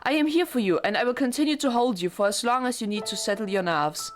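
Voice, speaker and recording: A woman voicing a chillingly gentle young maid, speaking softly and formally as she reads a visual novel aloud. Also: a little high, animated, fast talker, faint music behind, natural voice. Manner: soft, formal and courteous.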